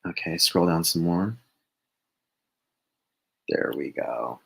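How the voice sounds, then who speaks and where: A man with a very low, gravelly voice co-hosts a relaxed live stream. His pitch swings widely as he chats. He keeps telling his partner what to do next and laughs easily. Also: takes it slowly, rough recording. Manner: directs the other host step by step, laughs easily. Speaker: co-host. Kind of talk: casual live-stream chat.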